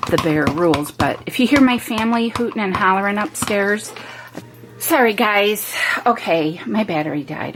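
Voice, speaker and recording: Lady at home showing a stamping craft, chatty and easygoing, bit of low hiss behind her. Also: low-quality recording. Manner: chatty, self-interrupting, homey asides. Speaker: crafting video host. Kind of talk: casual step-by-step craft demo.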